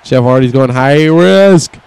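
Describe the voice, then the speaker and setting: A man's voice: mid-range voice, slow, gravelly, darkish tone, clear, resonant tone, rough recording. A young man giving casual, mock play-by-play commentary over a wrestling video game, swearing and voicing the wrestlers' thoughts in asides. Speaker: gameplay commentator.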